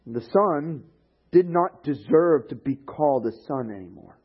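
A man preaching a sermon as pastor, telling a story with lively animation and acting out the voices of the people in it. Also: a little high, measured pace, husky. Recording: dull lo-fi recording.

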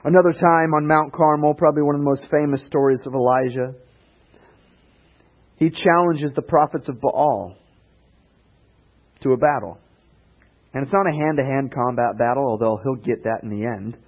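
Casual male preacher, chatty storyteller with dry asides, husky tone, lo-fi sound. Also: medium pitch, moderate pace, pauses often. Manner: conversational, sarcastic asides, jumps into voices for characters. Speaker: pastor. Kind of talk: casual sermon with acted-out retellings.

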